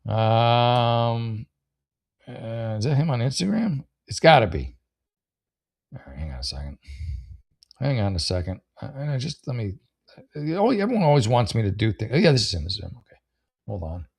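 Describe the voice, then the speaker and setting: A man's voice: medium pitch, big pitch swings, normal speed, vocal fry, long pauses, a little mellow. A man hosting a casual podcast, rambling through online posts and giving blunt advice, with many fillers and some swearing. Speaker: podcast host. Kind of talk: casual chat reading and advising on online posts.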